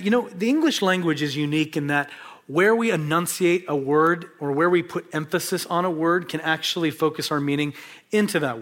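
Brief: middle-aged male preacher, slightly high voice, emphatic delivery that swings between strong stress and near-whispers. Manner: emphatic, dramatic shifts between loud stress and hushed whispers. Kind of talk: sermon.

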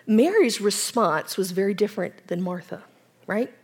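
A woman preaching a sermon, retelling scripture with dramatic shifts from loud emphasis to near-whispers. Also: medium pitch, expressive, normal speed, breathy edge. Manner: dramatic, varies volume, drops to whispers.

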